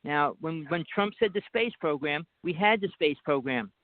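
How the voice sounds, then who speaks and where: A man's voice: a little high, lively intonation, normal speed, no room sound. Insistent man with a Jersey accent on a phone line. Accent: New Jersey. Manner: insistent, talks over the other speaker. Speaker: guest. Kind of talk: rambling phone conversation. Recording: dry tinny phone line.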